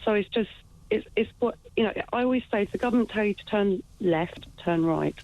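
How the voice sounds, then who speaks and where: A woman's voice: medium pitch, brisk, a little mellow, no room sound, rough recording. A woman calling in to a talk radio show, earnest and agreeable, repeating her points. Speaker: caller. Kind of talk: phone-in call.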